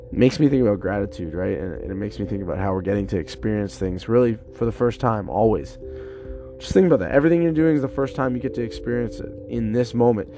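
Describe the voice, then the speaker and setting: A man in his twenties, congested from a cold, rambling loosely through a casual solo podcast. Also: medium pitch. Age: 20s. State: stuffed up with a cold. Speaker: podcast host.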